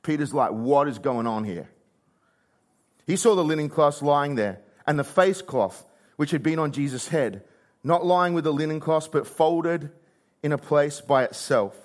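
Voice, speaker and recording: A man preaching a sermon, reading scripture and acting out the figures' words, moving between loud and hushed. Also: on the high side, normal speed. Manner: expressive, acts out quoted voices, shifts from loud to hushed.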